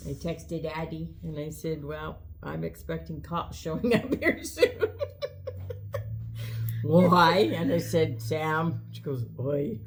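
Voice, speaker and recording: A woman's voice: low-pitched, unhurried, few pauses, a little mellow, a little hiss or hum. A middle-aged woman co-hosting a shop's weekly show, chatting casually and telling stories with frequent laughter. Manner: chatty storyteller, laughs often. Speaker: co-host. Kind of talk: casual chat.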